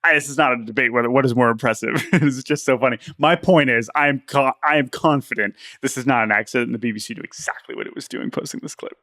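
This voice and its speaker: Male co-host, easygoing banter, average pitch, close dry studio sound. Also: fast talker, hardly any pauses, no echo. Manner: animated, laughs often, repeats words while thinking. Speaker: podcast co-host. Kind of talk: casual sports podcast chat.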